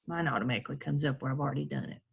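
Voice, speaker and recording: A woman's voice: extremely low pitch, very fast, vocal fry, slightly rough, dull audio. An American woman teacher patiently walking children through a recorded screen tutorial, step by step.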